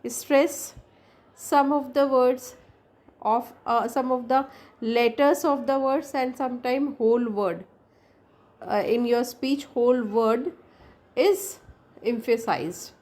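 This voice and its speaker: A woman's voice: a little high, slow, pauses often, a little mellow. A woman with an Indian English accent, a native Hindi speaker, giving a classroom lecture. She explains in a roundabout way with many fillers and restarts. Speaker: English teacher.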